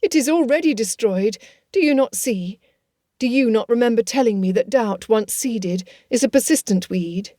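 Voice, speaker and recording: A young heroine speaks up high and earnestly, emotion close to the surface, as a woman reader plays her. The tone stays mellow and the sound dry and close. She pleads with feeling. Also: lively intonation, moderate pace, no room sound, close to an everyday voice. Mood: pleading. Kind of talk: audiobook character voice.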